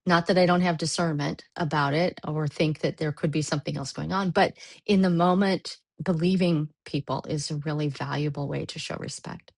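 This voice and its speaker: A woman with a lower voice talks candidly in a panel discussion over a video call. She grows emphatic in bursts of strong feeling. Her sound is dry and close. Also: steady tone, normal speed, creaky, few pauses, no echo. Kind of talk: casual discussion.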